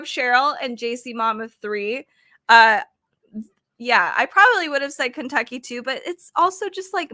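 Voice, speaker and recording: A woman's voice: fairly high pitch, bright, forceful tone, no room sound, studio quality. A woman hosting a casual trivia livestream, chatty and apologetic as she reads questions aloud to her chat. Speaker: livestream host running trivia games.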